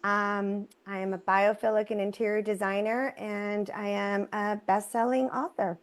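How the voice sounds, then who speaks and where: A woman in her fifties whose first language is Spanish, chatting on a podcast with a lively, self-mocking humor and frequent laughter. Her voice sits at an ordinary middle pitch. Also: normal speed. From Texas. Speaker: co-host. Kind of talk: casual podcast chat.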